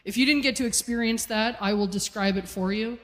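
A woman's voice: fairly high pitch, fairly quick. A woman in her forties from Calgary, doing a self-deprecating stand-up comedy set on stage. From Calgary, Canada. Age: 40s. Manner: punchy, self-deprecating storytelling. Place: comedy stage with live audience. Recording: live hall with long reverb.

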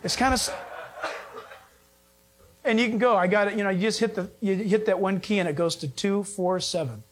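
With brisk, animated conviction, a middle-aged male pastor delivers a sermon in a high, ringing voice, peppering the congregation with rhetorical questions and slipping in jokes. A slight hiss or hum runs under the recording.

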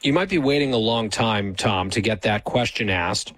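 A man's voice: lowish voice, animated, normal speed, a bit bright, dry recording. Dry sarcastic male talk host. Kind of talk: political talk commentary.

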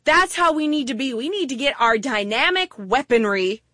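A woman's voice: high voice, normal speed, no echo. A woman preaching a sermon, telling stories and acting out little voices as she goes. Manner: animated storytelling with acted-out voices.

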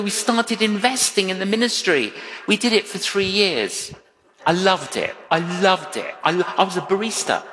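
A man preaching a sermon, telling a personal story with lively acted-out quotes. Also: high voice, a little hiss or hum. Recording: long hall reverb.

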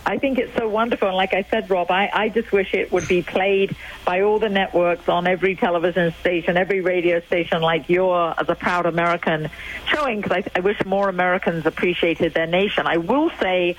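A woman's voice: lowish voice, steady tone, fairly quick. Older English woman talking on a phone line. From England. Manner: chatty, emphatic storyteller. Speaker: guest. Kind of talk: call-in radio talk.

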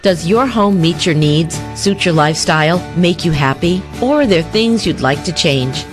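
A woman reads a radio commercial in a friendly, persuasive voice that sits a little low. Music plays clearly underneath her. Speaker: radio ad announcer.

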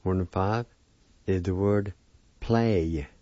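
A man's voice: low-pitched, dark tone, no room sound, dull audio. A man giving a weekly radio language lesson, spelling out each word carefully and repeating it. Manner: slow, careful spelling and repetition of words.

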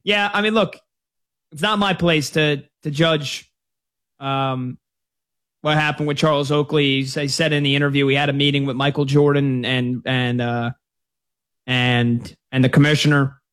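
A man hosting a sports talk radio show, chatting about games and taking calls in a casual, lively way. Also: mid-range voice, moderate pace. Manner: conversational, lively storytelling.

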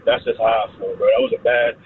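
A man's voice: on the low side, fairly even intonation, quick pace, breathy edge. A man in his thirties calling a sports radio show, rambling and hesitant in casual talk over a phone line. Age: 30s. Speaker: caller. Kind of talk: call-in chat.

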